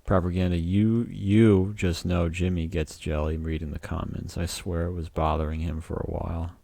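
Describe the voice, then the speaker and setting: A man's voice: deep voice, little pitch movement, creaky, warm tone, dry recording. A man co-hosting a podcast in casual chat, swearing freely and rambling as he jokes around. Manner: profane, rambling, quick to joke. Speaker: podcast co-host.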